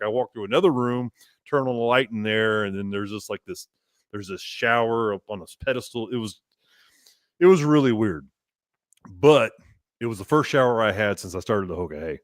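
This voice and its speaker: On a podcast, a male guest tells a road-trip story, laughing often and acting out both sides of the conversation. He speaks fairly quickly at a medium pitch, and the studio-quality recording has no echo.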